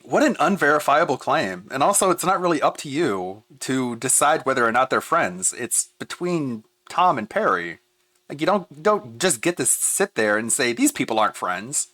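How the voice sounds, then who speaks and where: A man streaming, reacting to a video with animated, exasperated commentary, laughing often and swearing. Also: medium pitch, moderate pace, no room sound.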